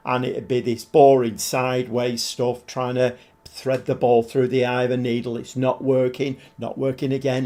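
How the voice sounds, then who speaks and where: Older man, 70s, unhurried rambling livestream commentary with viewer chat. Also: medium pitch, a little mellow. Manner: rambling, chatty, thinks aloud, answers viewers. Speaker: gaming livestreamer. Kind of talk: live game commentary and chat.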